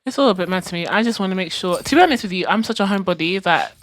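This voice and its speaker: A woman co-hosting a casual podcast chat in a relaxed, easygoing way. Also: mid-range voice, very fast, no room sound. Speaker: podcast co-host.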